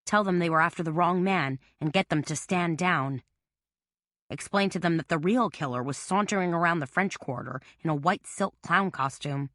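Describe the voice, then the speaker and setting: Bright, dry-voiced woman narrator. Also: lowish voice, normal speed, no echo. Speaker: audiobook narrator. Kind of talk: scripted narration.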